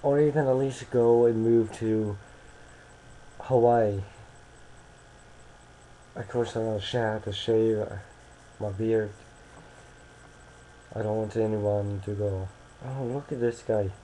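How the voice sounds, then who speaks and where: A man's voice: lowish voice, level tone, slow pace, pauses often, dark tone, slight background noise, poor audio. A young American man talking casually into a webcam, rambling and hesitant with many restarts. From United States.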